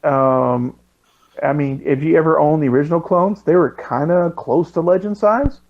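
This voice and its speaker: A man co-hosting a podcast in casual chat, joking and halting with fillers. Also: a little high. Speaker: podcast co-host. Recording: dull lo-fi mic.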